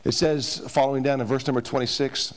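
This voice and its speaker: A man's voice: medium pitch, steady tone, a little fast. A man preaching a sermon to a congregation, emphatic, with rhetorical questions to the room. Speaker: pastor. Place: church before a congregation.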